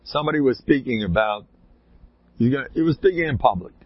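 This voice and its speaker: A man's voice: mid-range voice, expressive, fast, no echo, lo-fi sound. A man telling rambling anecdotes in a casual way, with sudden emphatic bursts.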